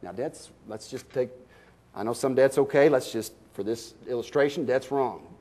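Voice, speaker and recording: A man preaching a sermon as a pastor, with folksy stories, rhetorical questions, sudden loud bursts and slow emphatic drops. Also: medium pitch.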